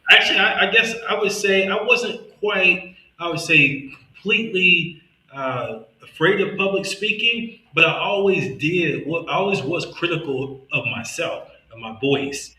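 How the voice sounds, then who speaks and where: A man's voice: high voice, expressive, measured pace, pushed and bright, echoey room, poor audio. A man from Mississippi with a Southern accent and a slight lisp, hosting a podcast in earnest, motivational casual conversation. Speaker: podcast host.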